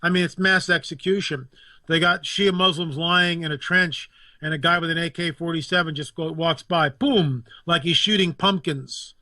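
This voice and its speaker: An indignant man holds forth as a guest commentator, hammering points home with repetition. His voice sits a little high and comes across bright and forceful. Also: steady tone, normal speed, dry recording. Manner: emphatic, indignant, repeats phrases for effect. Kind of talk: impassioned political talk.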